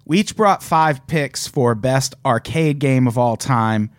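A man's voice: mid-range voice, slow, no room sound. A man hosting a casual podcast, joking with his co-hosts and laying out the show's rules. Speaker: podcast host.

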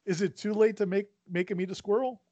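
A man's voice: sits high, fairly even intonation, quick pace, mellow, no room sound. A man co-hosting a casual sports talk show, telling rambling stories full of fillers. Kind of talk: casual sports radio chat. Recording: dry, dull sound.

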